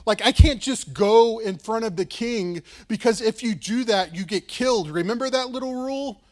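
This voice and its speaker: A man's voice: very high voice, moderate pace, voice pushed up. A man voicing a worried young queen. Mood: anxious. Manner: casual modern paraphrase.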